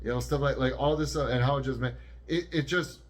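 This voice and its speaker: A man's voice: medium pitch, quick pace. A young man co-hosting a podcast, rambling and correcting himself as he chats casually. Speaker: podcast co-host.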